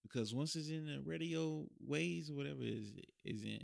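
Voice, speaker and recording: A man's voice: fairly high pitch, moderate pace, creaky, no room sound, clean studio sound. A young man hosting a casual podcast chat in loose slang, often trailing off and restarting. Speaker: podcast host.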